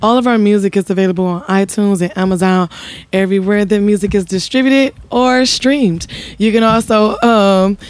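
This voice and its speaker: A woman guest on a talk show, telling her story with lively acted-out quotes. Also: medium pitch, normal speed, no room sound. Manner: animated storyteller, acts out quotes. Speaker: podcast guest, married singer. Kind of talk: casual conversation.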